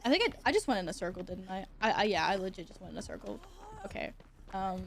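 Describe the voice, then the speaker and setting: A woman streamer giving live commentary on a horror game, excitable, swearing and shrieking with laughter when chased. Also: medium pitch, fast talker, gravelly, background noise.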